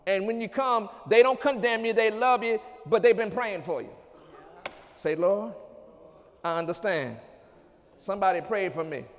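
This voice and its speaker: A man preaching a sermon, using call-and-response and building to shouts. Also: high-pitched, moderate pace, pauses often, big-room sound. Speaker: pastor.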